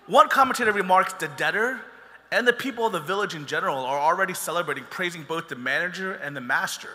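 A man's voice: a little high, bright, forceful tone, long reverb tail. A man preaching a sermon as pastor, talking in a conversational way and joking with the congregation.

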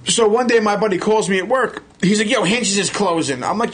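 A man telling a long, excited story as a podcast guest, loud and profane as he acts out what people said. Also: sits high, a little fast, breathy edge. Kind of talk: animated storytelling.

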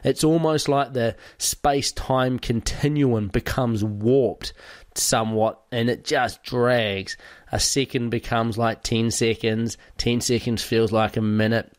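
A male podcast host talks listeners through training ideas in an easy, conversational way, listing points and pausing on the odd filler. His voice sits in a middle register. The recording is close and dry, with no room sound. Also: medium pitch, dry recording. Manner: conversational, explains with lists and fillers. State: recovering from a cold. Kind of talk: podcast monologue.

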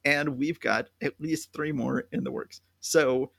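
A man's voice: medium pitch, steady tone, a little slow, gravelly, fairly bright tone, husky, no echo. A man hosting a podcast in casual chat, telling stories at length and laughing often. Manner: chatty, storytelling, laughs often. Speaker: podcast host.

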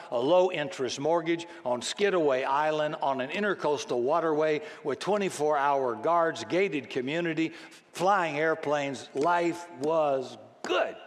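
Older man preaching in an echoing hall. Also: fairly high pitch. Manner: conversational, self-deprecating, acts out voices in stories. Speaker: pastor. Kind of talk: sermon. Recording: long hall reverb.

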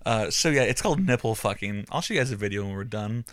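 A man's voice: fairly low pitch, animated, fast, fairly bright tone, no room sound. A young adult man hosting a podcast, telling a crude comic story in a rambling, profane way and often breaking into laughs.

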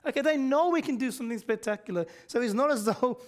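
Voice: mid-range voice, fast talker. Pastor, chatty sermon style, fires rhetorical questions, chuckles through lines. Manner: conversational, quizzes the congregation, frequent rhetorical questions; chuckles often mid-sentence. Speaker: preacher.

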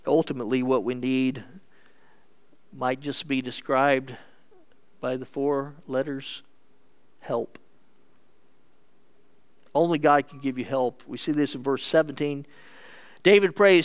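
Slow, clear-voiced male preacher. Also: mid-range voice, steady tone. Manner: earnest, measured preaching with sharp swings between emphatic and hushed delivery. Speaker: pastor. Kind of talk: sermon.

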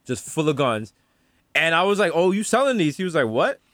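A man spins stories in a loose podcast chat. His voice sits fairly high and jumps all over the place as he acts out the people in his tales. The sound is dry and close. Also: a little fast, no room sound. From New York. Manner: animated, swings into high voices when quoting people. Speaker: podcast co-host. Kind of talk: casual storytelling chat.

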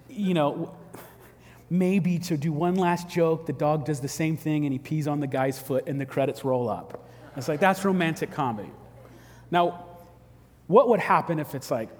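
A man preaching a sermon, telling stories with animated, acted-out quotes. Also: on the high side, big-room sound. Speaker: pastor. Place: church hall.

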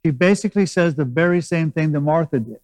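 A man's voice: a little high, brisk, darkish tone, no echo, low-quality recording. A man preaching a sermon as pastor, explaining scripture in a conversational teaching manner with asides and restarts.

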